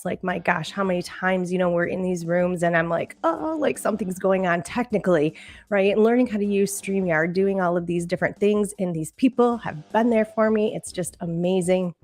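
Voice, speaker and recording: A woman's voice: fairly low pitch, darkish tone. A woman hosting a casual live-stream podcast, chatty and emotional, laughing often as she talks. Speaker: podcast host. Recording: faint background music.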